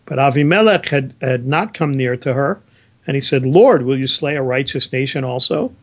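A man's voice: medium pitch, expressive, moderate pace. A man co-hosting a Bible discussion, explaining verses earnestly and reading scripture aloud. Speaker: Bible study co-host.

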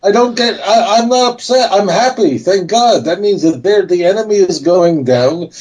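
A man's voice: high voice, normal speed, darkish tone, breathy edge, poor audio. A man speaking as a guest in a talk show interview, emphatic and insistent, often repeating himself.

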